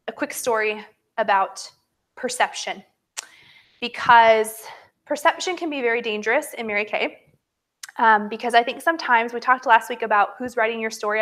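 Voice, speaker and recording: A woman in her thirties leading a motivational training talk for her sales team, telling stories in a chatty, animated way and calling her listeners "you guys.". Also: on the high side. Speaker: direct-sales team leader.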